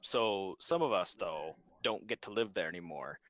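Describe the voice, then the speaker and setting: A man playing a worn-out dwarf exile, low voice that still sounds bright, rambles along full of ums, tabletop game npc. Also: animated, moderate pace. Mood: explaining. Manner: rambling, hesitant with many ums. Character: male dwarf exile, weary and wistful.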